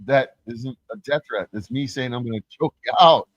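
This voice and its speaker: A man's voice: mid-range voice, moderate pace, dry recording, muffled recording, faint music behind. A man streaming a profane, mocking rant, laughing between points and mimicking his critics in sing-song voices. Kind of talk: ranting livestream monologue.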